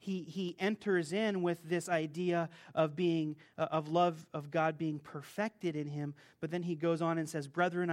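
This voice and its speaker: A man preaching a conversational sermon, telling a personal story and acting out the people in it. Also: on the high side. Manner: conversational, animated storytelling, acts out rude clerks. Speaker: pastor.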